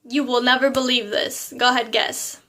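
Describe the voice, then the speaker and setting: Young woman, high voice, casual storytime vlog, animated and chatty. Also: moderate pace. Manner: animated, chatty, lots of fillers and asides. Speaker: vlogger.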